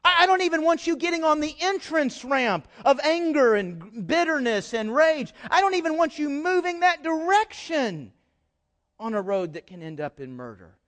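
Jesus as an earnest male teacher, pleading and gentle in tone, as a preacher puts him on, high voice that rises and falls widely. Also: sing-song, moderate pace, heavily acted.

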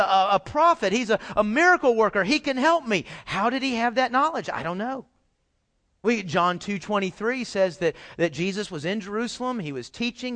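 A man's voice: very high voice, sharp tone. A man preaching a sermon as pastor, in a folksy conversational way with frequent restarts, addressing his congregation.

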